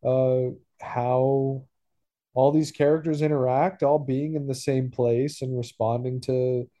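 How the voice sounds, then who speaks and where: A man's voice: mid-range voice, little pitch movement, slow pace, warm tone. A man co-hosting a casual discussion podcast, talking thoughtfully and hesitantly with many fillers. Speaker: podcast co-host.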